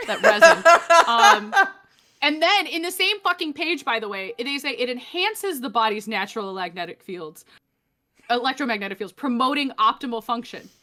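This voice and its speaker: A woman's voice: on the high side, animated, moderate pace, sharp tone. A young adult woman co-hosting a casual comedic podcast, sarcastic and swearing, often laughing mid-sentence. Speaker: podcast co-host.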